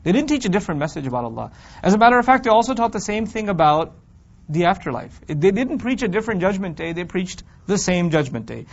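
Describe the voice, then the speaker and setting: A man teaching a Quran class in a lively, conversational way, firing rhetorical questions at his students and acting out complaining voices. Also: high voice. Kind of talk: classroom lecture on scripture. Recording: dull lo-fi recording.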